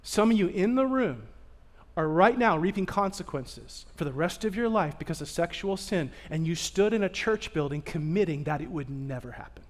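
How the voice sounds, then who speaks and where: A male pastor preaching a sermon, telling stories with animation and swinging from loud bursts to hushed asides. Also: sits high, lively intonation, moderate pace. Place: church sanctuary.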